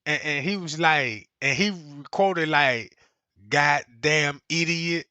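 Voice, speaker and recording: A man's voice: on the high side, animated, takes it slowly, bright, forceful tone, no echo. A man streaming to viewers, ranting in a casual, slangy, emphatic way and repeating himself.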